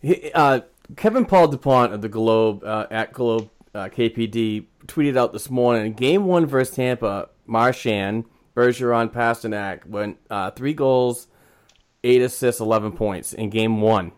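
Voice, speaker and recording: A man's voice: medium pitch, smooth. Enthusiastic man reading out hockey stats. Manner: enthusiastic, reads out stats with halting restarts. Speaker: podcast co-host. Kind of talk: casual hockey chat.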